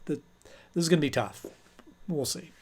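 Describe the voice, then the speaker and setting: A man reviews an episode on his channel in a highish, slightly mellow voice with a breathy edge, speaking at a moderate pace. He's chatty and rambling, leaning on fillers and briefly acting out characters.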